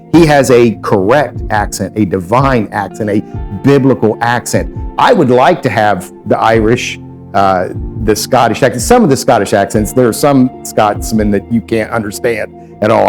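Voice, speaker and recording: A man's voice: mid-range voice, darkish tone. A male pastor with an Ohio accent, reflecting on a sermon in an easygoing, conversational way, often restarting and repeating words.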